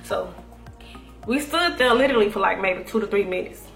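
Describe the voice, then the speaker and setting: A young woman telling a profane, animated story to her viewers, quoting herself and her friends as she goes. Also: medium pitch, normal speed, creaky. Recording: echoey room with faint music.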